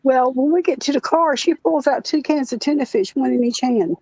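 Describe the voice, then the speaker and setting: High-voiced older woman. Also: darkish tone, dry recording. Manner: slow, folksy storytelling with pauses. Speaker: chat participant. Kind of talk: casual chat, storytelling. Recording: dull, muffled sound.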